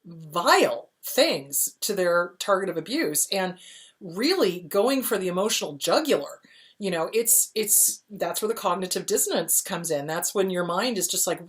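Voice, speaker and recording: A woman's voice: on the low side, animated, moderate pace. Blunt, emphatic woman therapist answering questions. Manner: emphatic and blunt, repeats key phrases, calls the listener honey. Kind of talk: answering viewer questions, casual advice.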